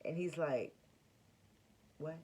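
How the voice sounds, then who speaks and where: A young woman chats to her viewers with a low, unhurried voice. She tells a personal story casually and slangily, acting out each quote as she goes. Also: dark tone, breathy edge. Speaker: vlogger.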